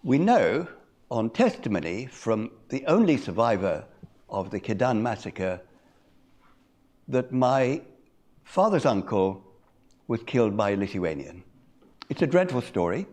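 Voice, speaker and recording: An older man telling a personal story at a conference, measured and reflective, with pauses. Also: mid-range voice, sing-song, a little mellow. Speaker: conference speaker. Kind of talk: personal story told in a talk.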